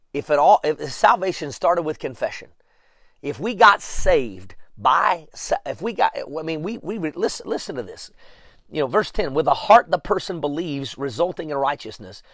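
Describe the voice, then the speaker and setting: A man's voice: on the high side, fairly bright tone, no room sound. Male preacher, emphatic and repetitive, recorded close and dry. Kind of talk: sermon.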